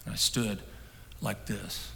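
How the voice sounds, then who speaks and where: A middle-aged man preaching a sermon, telling a story that swings from hushed and soft to loud. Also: lowish voice, fairly even intonation, takes it slowly, gravelly, heavy background noise. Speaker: pastor. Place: church hall. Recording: long hall reverb.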